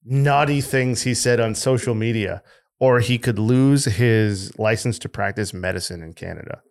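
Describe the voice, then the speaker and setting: A man's voice: lowish voice, normal speed. A man hosting a casual podcast, profane and jokey with his co-hosts. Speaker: podcast host.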